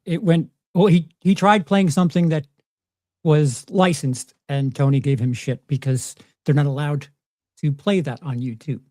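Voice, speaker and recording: A man's voice: on the high side, steady tone, normal speed, a little mellow, no room sound, studio quality. A man on a casual panel, rambling and stammering as he explains.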